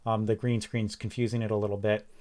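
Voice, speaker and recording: A man hosting a casual tech livestream from his home office, chatting in a relaxed way with frequent ums and restarts. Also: on the low side, fast. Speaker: livestream host.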